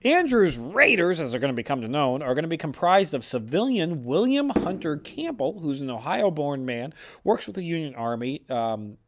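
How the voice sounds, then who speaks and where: A man's voice: on the high side, sing-song, normal speed. A man hosting a history podcast, telling the story in a loose, profane style with many fillers. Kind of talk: casual storytelling chat.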